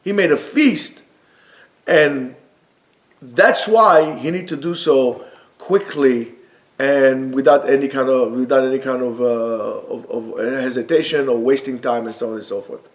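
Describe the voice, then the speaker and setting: A man teaching a Torah class in a yeshiva study room, lively and acting out the dialogue of the text while mixing in Hebrew quotes and explaining them. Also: mid-range voice, a little slow.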